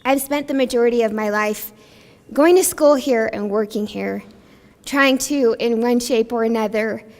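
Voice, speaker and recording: A young woman speaking at a press conference as a community advocate, emotional and halting, pausing with nervous laughs and fillers. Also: on the high side, darkish tone. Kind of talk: emotional public speech. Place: press conference in a large hall. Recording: long hall reverb.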